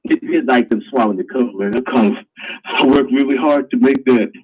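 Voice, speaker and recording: A man's voice: mid-range voice, normal speed, slightly rough, muffled recording. A man hosting a live online talk show, ranting in a crude, preachy way. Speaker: host.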